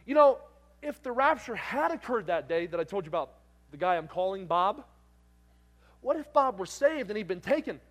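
Animated high-voiced male preacher. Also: normal speed. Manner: animated storyteller, acting out voices, swinging from loud to hushed. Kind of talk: sermon with storytelling.

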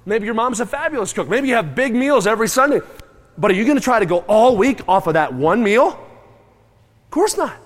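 Lively high-voiced preacher in an echoing hall. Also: male voice, quick pace. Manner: animated, moos and chews aloud, calls on the crowd. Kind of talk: sermon. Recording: long hall reverb.

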